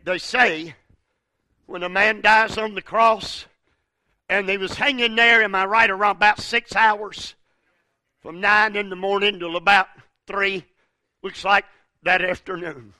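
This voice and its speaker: A male preacher, delivering a fervent sermon that builds to shouts, with halting restarts. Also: sits high, steady tone, no room sound, studio quality.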